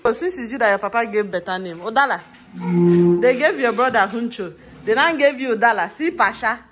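A woman's voice: fairly high pitch, animated, fairly quick, a bit bright, husky. A woman vlogging casually at home, coaxing and calling her dogs and laughing often. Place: home indoors.

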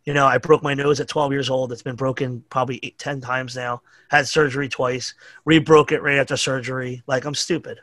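New york guy on a podcast telling wild stories, swears a lot, sharp bright voice, dry. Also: mid-range voice, little pitch movement, fairly quick, no echo. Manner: profane, rambling anecdotes with acted-out quotes. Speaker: podcast guest. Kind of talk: casual storytelling chat.

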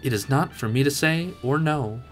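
A man voicing a dignified, noble dojo master who speaks in a grand, formal, measured way. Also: medium pitch, faint music behind, voice pushed up, close to an everyday voice. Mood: solemn.

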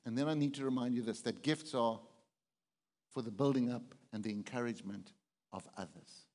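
A man's voice: medium pitch, normal speed, darkish tone, in a large hall. A man preaching a conversational sermon as pastor, often putting questions to the congregation. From South Africa.

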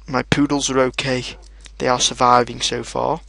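A young man giving casual commentary over his own gameplay, excitable and swearing often, shouting at his in-game dogs. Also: mid-range voice, moderate pace, vocal fry, few pauses, no echo. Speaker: gaming video host. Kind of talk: casual let's play commentary.

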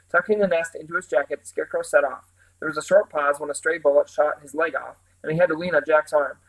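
A man's voice: fairly high pitch, fast talker, rough recording. Man reading a storybook aloud. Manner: steady, animated storytelling with small restarts. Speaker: reader.

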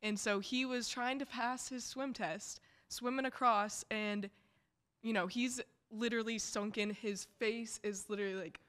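A young woman co-hosting a student podcast, telling a work story in a relaxed way with many fillers. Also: fairly high pitch, measured pace. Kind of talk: casual storytelling.

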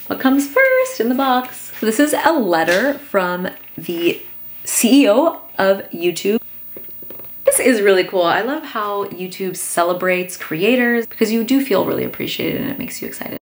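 A young woman travel vlogger chatting casually in a soft, quiet voice, recorded on her own camera. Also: lowish voice, vocal fry. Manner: soft-spoken, quiet conversational volume. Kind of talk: casual Q&A vlog. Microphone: camera mic, self-recorded on tripod.

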